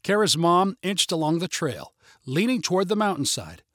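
A man reads an adventure story aloud in a measured, steady narration. His voice sits somewhat high for a man. The recording is dry and close, with no room sound. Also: no room sound.

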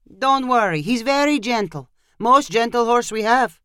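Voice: medium pitch, lively intonation, measured pace, pushed and bright, smooth, no room sound, studio quality, voice pushed up. A storyteller voicing a patient male cowboy who reassures a nervous rider. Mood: reassuring.

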